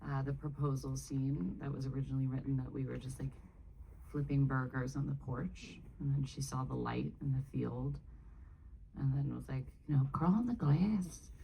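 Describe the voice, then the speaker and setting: A woman's voice: a bass voice, little pitch movement, normal speed, creaky, mellow, slight background noise, poor audio. A woman speaking as a guest on a live Q&A panel, talking casually in rambling, self-interrupting bursts with frequent laughs. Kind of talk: casual Q&A talk. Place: live Q&A panel before an audience.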